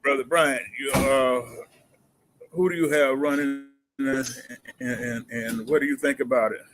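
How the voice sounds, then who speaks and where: A man's voice: mid-range voice, steady tone, unhurried, a bit bright, low-quality recording. A man hosting a community livestream talk show, speaking hesitantly with many fillers and laughing easily. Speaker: host.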